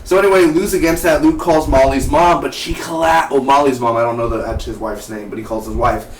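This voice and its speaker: A man giving a casual, excitable TV review, rambling with many restarts. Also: mid-range voice, brisk, distant mic. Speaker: TV show reviewer. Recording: echoey room, off-mic, faint hiss.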